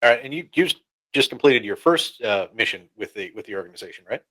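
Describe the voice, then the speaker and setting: Fast-talking male show host. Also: lowish voice, animated, fairly bright tone, rough recording. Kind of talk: hosting a panel interview.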